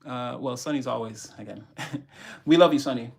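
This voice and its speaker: A man's voice: medium pitch, normal speed, vocal fry, darkish tone. A man reading tarot on a live stream, chatting casually, preaching motivation and greeting his viewers by name.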